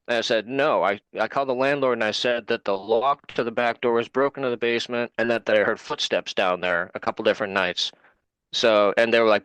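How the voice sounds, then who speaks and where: A man, speaking as an interview guest and telling a story at ordinary pitch. He acts out what others said as he goes, and the voice sounds dry and close. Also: fairly even intonation, brisk, a bit bright, dry recording. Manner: retells events with quoted dialogue.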